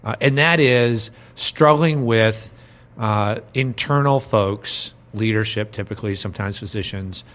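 Guy hosting a podcast, lowish voice, jokey rambly chat. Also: measured pace, a bit bright. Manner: joking, rambling, laughs often. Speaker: podcast host, agency president.

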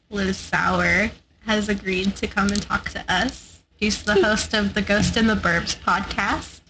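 A woman's voice: mid-range voice, background noise. A woman co-hosting a podcast, chatting eagerly with a rambling, filler-heavy manner. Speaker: podcast co-host. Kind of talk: casual chat.

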